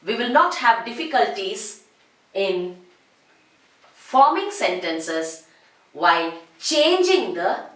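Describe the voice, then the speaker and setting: A woman teacher talks through a grammar lesson at an unhurried pace. Her voice rises and falls widely as she stretches out each example. The sound carries a noticeable room echo. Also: fairly high pitch, a bit bright. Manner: slow, drawn-out phrases, repeats each example form. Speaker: English teacher. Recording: echoey room.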